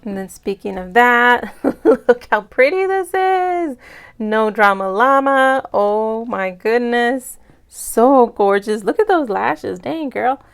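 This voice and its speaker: A woman's voice: a little high, lively intonation, takes it slowly, clear, resonant tone. Gushing, teary woman vlogger. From United States. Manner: gushing, emotional, grateful. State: near tears. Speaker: budget vlogger. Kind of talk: casual vlog chat.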